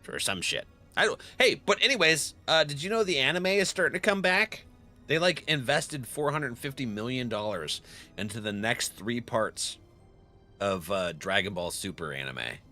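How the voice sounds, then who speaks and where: A man's voice: mid-range voice, very animated, normal speed, bright, forceful tone, faint music behind. A young man streaming a game, chatting casually with viewers and laughing often. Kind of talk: casual live-stream chat.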